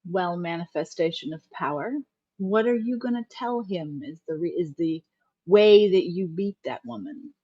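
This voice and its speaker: Brief: woman player, mid pitch, in-character chat, muffled dry lo-fi mic. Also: animated, a little slow, warm tone, husky, dry recording. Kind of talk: in-character tabletop roleplay.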